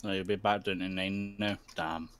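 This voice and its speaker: A man chatting with a friend while playing a game, excitable and animated. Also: low voice, moderate pace, slight background noise. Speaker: gamer. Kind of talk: casual chat while gaming.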